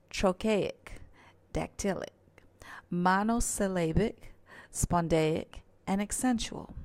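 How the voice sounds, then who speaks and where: A woman teaching a recorded lesson, explaining patiently in a soft, at times near-whispered voice with small slips and restarts. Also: on the low side, gravelly, no room sound.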